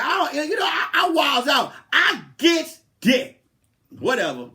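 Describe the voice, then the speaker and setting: A young man, a comedian hosting a podcast, telling a comic story and acting out the people in it, swinging from loud outbursts to hushed asides. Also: very high-pitched, normal speed. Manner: animated, swings from loud to hushed, acts out quotes.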